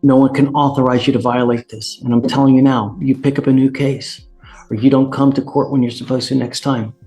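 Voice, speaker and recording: Stern judge, flat delivery. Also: male voice, medium pitch, a little fast, faint music behind. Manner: stern, warning defendants firmly. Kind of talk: courtroom hearing.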